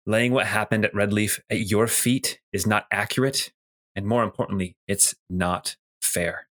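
A man voicing an aging male field marshal in a tabletop game, speaking slowly and quietly with regret. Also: fairly low pitch, fairly even intonation. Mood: solemn.

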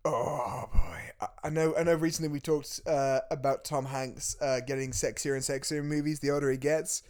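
A man co-hosting a film podcast talks in a rambling, excitable way, often stopping to restart his sentences. His voice sits a little on the high side for a man. The talk is loose, casual chat about a movie. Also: moderate pace. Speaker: podcast co-host.

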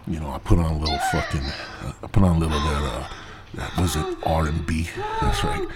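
A man's voice: rumbling low, huge pitch swings, brisk, very noisy. A man hosting a podcast, rambling through a crude, profane comic story in a stoned drawl. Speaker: podcast host.

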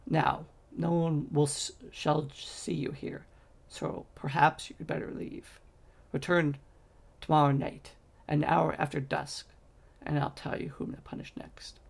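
A man's voice: on the high side, flat delivery, a little slow, creaky. A man voicing a scheming male magician who speaks in a clipped, cold, commanding way.

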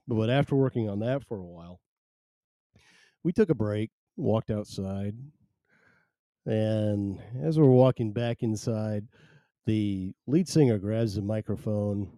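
A man's voice: on the low side, mellow, no echo. A man hosting a solo live stream, chatting in a rambling, wry, self-deprecating way.

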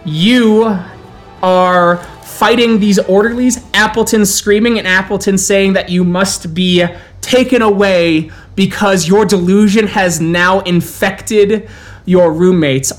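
With a high-pitched, steady voice, a man tells a tabletop horror game as its narrator. He keeps a measured, descriptive tone, now and then drawing words out for effect.

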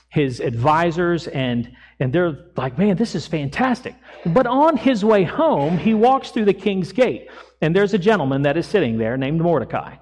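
Pastor with a high voice in a hall. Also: male voice, a little mellow. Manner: storytelling sermon, acting out quotes casually. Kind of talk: sermon. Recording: long echo of a church hall.

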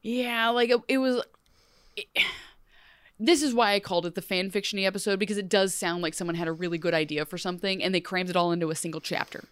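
A young woman chatting casually as a podcast co-host, quick and jokey, with plenty of "like" in her talk. Her voice comes across smooth and clear. The sound is dry and close, with no room in it. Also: mid-range voice, steady tone, no echo. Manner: fast, chatty, jokey, lots of fillers. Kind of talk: casual TV recap chat.

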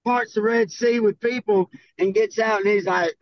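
A Southern-accented bull rider from Arkansas, USA, appears as a podcast guest, casually telling rowdy tales in a profane, laid-back drawl punctuated by laughter. His high voice holds a steady tone at a moderate pace on a dry recording with the highs cut off.

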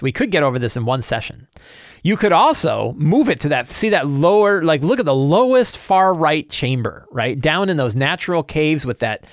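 A man's voice: a little high, no echo, studio quality. A middle-aged man talking casually as a game master about preparing his next session, thinking aloud with frequent restarts. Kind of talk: casual solo talk about game prep.

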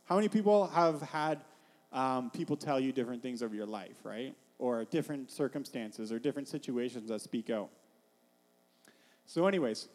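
A man's voice: mid-range voice, lively intonation, normal speed, a little mellow, big-room sound. A man preaching a casual, rambling sermon, full of fillers, often stopping to put questions to his listeners.

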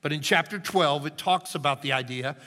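A male pastor preaches with emphatic, animated delivery, often checking in with the room. His fairly high voice is bright and forceful. A long reverb of a church sanctuary trails his words. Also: brisk. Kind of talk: sermon.

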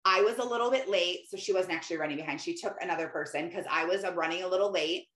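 A middle-aged woman talking casually about faith, rambling and chatty with lots of "like" and quick laughs. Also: on the low side, a bit bright. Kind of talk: casual faith-based monologue. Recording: roomy echoey room.

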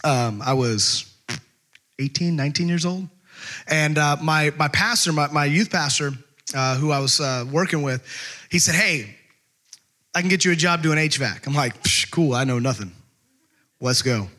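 Man, pastor, casual sermon, bright forceful tone, slightly high voice, chatty storytelling. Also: moderate pace, pauses often. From California. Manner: conversational, animated storytelling with many fillers.

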